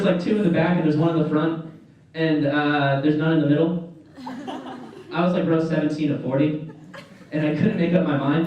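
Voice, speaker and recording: A man's voice: fairly high pitch, background noise. A young man performing a stand-up comedy set, telling a rambling story full of fillers and often laughing at his own jokes. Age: young adult. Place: comedy club stage, indoors. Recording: echoey room from far off, audience laughter.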